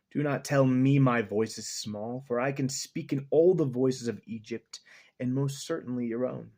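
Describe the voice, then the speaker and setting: Man reading a novel slowly at home. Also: medium pitch, darkish tone. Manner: slow, measured, dramatic first-person reading. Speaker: audiobook reader.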